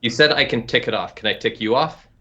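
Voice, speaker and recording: A man's voice: mid-range voice, quick pace, bright, forceful tone. A man co-presenting, bantering in a dry, joking way. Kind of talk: casual banter. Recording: dull lo-fi sound.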